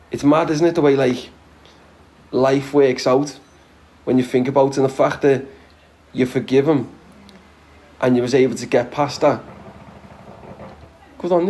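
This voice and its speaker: A man's voice: medium pitch, mellow. A man with a Scouse accent chatting casually to viewers as a livestreamer, blunt and full of swearing, chuckling often. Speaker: livestreamer reading viewer comments.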